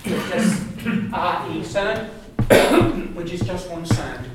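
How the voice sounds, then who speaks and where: An Irish man teaching an Irish language class, explaining pronunciation and repeating words slowly for his students. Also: high-pitched, lively intonation. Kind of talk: classroom lesson. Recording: echoey classroom from far off, noisy.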